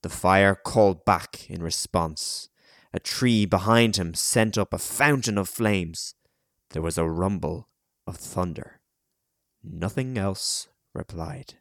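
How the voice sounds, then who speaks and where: A man narrating an audiobook chapter in a measured, dramatic storytelling manner. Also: low voice, a bit bright, no echo, studio quality.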